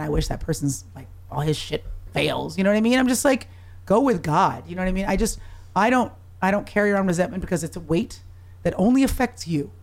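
A woman guest on a talk show, tipsy and with her voice worn from singing, telling stories in a lively way and swearing casually. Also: medium pitch. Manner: animated storyteller, swearing. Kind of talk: casual chat.

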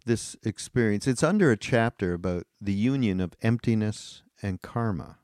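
A man's voice: fairly low pitch, moderate pace, a little mellow, dry recording, studio quality. A man hosting a podcast, asking a guest a long, enthusiastic question. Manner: enthusiastic, rambling prompts. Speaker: podcast host. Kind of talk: interview question.

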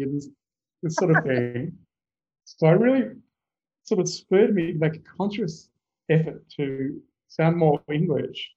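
A man with an Australian accent, a guest in an interview, telling stories in a relaxed, measured way. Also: a little high, muffled recording. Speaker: guest, company CEO. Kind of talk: casual interview chat.

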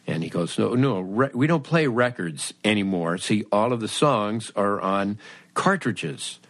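A man's voice: fairly low pitch, expressive, a little slow, fairly bright tone, no room sound. Man, middle-aged, wry storyteller, acts out dialogue, dry close recording. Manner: acts out both sides of a conversation; wry, self-mocking. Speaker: podcast host. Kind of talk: storytelling monologue.

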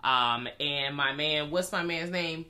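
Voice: mid-range voice, slow, sharp tone. A podcast co-host recapping a movie in casual, playful chat, often trailing off with fillers.

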